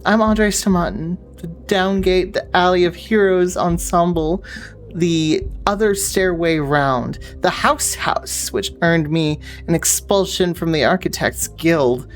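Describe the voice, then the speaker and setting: Brief: boastful disgraced architect in a game, woman reading him low and wry. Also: slow, faint music behind. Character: boastful disgraced male architect, pub owner.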